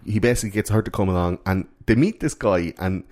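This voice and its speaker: A man's voice: deep voice, quick pace, a little mellow. A man, hosting a podcast, casually retelling film scenes with plenty of swearing. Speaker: podcast host.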